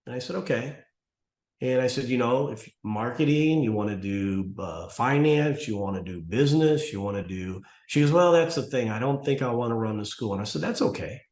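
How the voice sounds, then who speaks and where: A man's voice: medium pitch, lively intonation, brisk, hardly any pauses, darkish tone. Man, 60s, interview guest, rambling storyteller with restarts, echoey room. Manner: rambling, restarts often, acts out dialogue. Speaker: martial arts school owner, guest. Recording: roomy echo.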